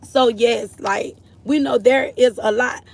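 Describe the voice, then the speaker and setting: A woman from Florida hosts a casual faith-based livestream. Her voice sits a bit high with a strong gravelly fry. She speaks earnestly and encouragingly, greeting and answering viewers in the chat. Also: fairly even intonation, slow, a little mellow. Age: adult mother. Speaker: livestream host.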